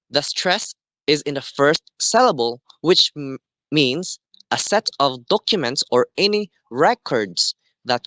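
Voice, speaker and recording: Guy teaching a class, slow and careful, pitch bounces around a lot, dry close sound. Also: fairly bright tone, dry recording. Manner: slow, deliberate explaining with frequent "okay" checks. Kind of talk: classroom lesson.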